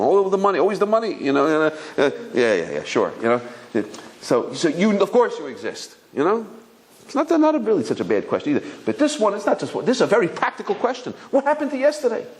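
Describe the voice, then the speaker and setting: Man, rabbi, 50s, storytelling lecture, lively pitch, acts out voices, stumbles and restarts. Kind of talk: storytelling Torah talk.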